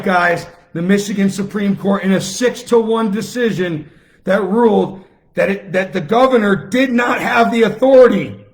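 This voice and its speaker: A man delivering an impassioned live-stream rant, with fiery, repetitive, emphatic outbursts. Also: high voice. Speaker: political commentator on a live stream. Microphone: phone or webcam, self-recorded.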